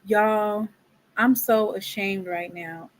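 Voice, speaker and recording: Woman, unhurried commentary vlogger, exasperated and dramatic, mid-pitched. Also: steady tone. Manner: exasperated, dramatic gasps and whispered asides. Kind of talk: casual commentary.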